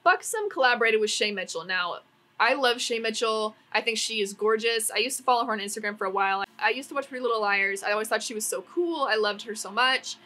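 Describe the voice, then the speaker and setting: A woman's voice: a little high, fast, bright, forceful tone. A young woman vlogging at home, giving rambling, exasperated opinions on new makeup releases with lots of "like" fillers. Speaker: beauty vlogger. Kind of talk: casual opinionated product review. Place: home, neighbors' yard work nearby.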